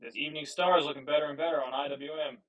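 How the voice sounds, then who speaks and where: On his live trading stream, this man talks at a racing clip in a steady, fairly high voice, offering casual market commentary full of fillers and profanity as he thinks out loud. His wireless earbud mic sounds thin and far away, with the highs cut off.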